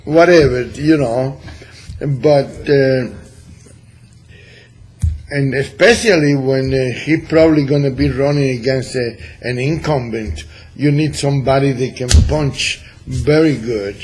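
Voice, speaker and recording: Middle-aged male radio host, Cuban accent, unhurried, halting delivery. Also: medium pitch, a little mellow, husky, low-quality recording. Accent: Cuban Spanish. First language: Spanish. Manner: halting, many pauses and fillers. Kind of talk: casual studio chat.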